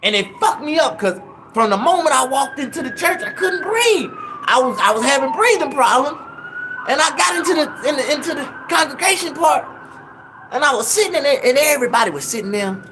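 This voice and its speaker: A man telling a profane, comedic story in an animated, loud way. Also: very high-pitched, a little fast, noisy background.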